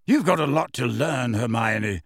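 A man voicing a wry, teasing grown man in an audiobook reading, delivered with lively intonation. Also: mid-range voice, unhurried, gravelly, no room sound, clean studio sound. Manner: teasing, self-assured.

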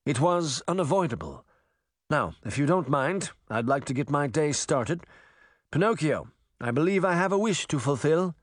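Man voicing a calm, cold villain. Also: fairly high pitch, normal speed, no room sound, studio quality.

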